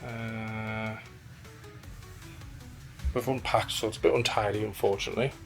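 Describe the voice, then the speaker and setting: A man's voice: on the low side, steady tone, a little slow, gravelly. A tired man from the UK casually reviewing a cruise ship cabin in a vlog, chatty and matter-of-fact. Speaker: vlogger touring a cruise cabin. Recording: background music mixed over the voice. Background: music.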